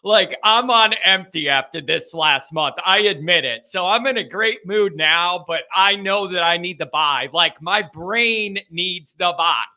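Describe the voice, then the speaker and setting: A man hosting a live sports reaction show, talking casually with an emphatic, excitable, ranting manner. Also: sits high, measured pace, few pauses. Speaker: sports fan show host.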